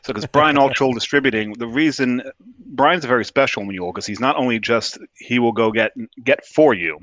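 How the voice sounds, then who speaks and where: A man co-hosting a casual beer show, teasing dryly in relaxed banter. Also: mid-range voice, fairly quick, no room sound. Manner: dry, wry teasing. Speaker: co-host.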